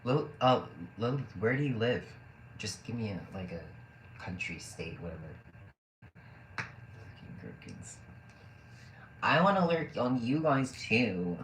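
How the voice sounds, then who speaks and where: A man's voice: mid-range voice, sing-song, normal speed, a bit bright. A man casually chatting with his live stream audience, joking, laughing often and rambling with fillers. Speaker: live streamer reading chat. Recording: roomy echo, faint background noise.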